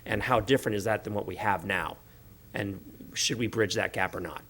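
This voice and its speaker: A man's voice: fairly low pitch, a little fast, a bit bright, slightly rough. A man, a school board trustee, giving earnest remarks at a meeting and searching for words at times.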